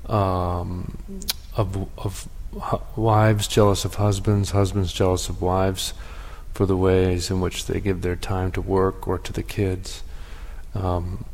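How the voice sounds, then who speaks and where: A man's voice: deep voice, little pitch movement, slow, darkish tone, big-room sound, a little hiss or hum. A man leading a class, thanking students and reflecting thoughtfully on their work. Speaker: class teacher.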